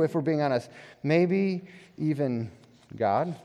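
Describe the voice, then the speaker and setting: A male pastor preaching a sermon in a conversational, animated way, with self-deprecating humor and acted-out quotes. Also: a little high, moderate pace, long reverb tail.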